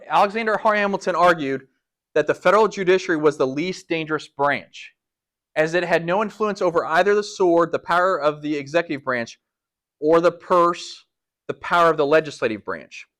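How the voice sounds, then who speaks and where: Man, slightly high voice, animated lecturer who keeps asking the room questions. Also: fairly quick. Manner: animated, asks the audience many rhetorical questions. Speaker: speaker at a public talk. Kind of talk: lecture to a live audience.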